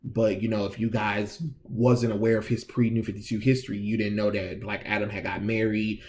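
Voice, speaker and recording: A man's voice: lowish voice, flat delivery, brisk, darkish tone. A man giving a casual, exasperated review of a comic book, sarcastic, slangy and full of restarts.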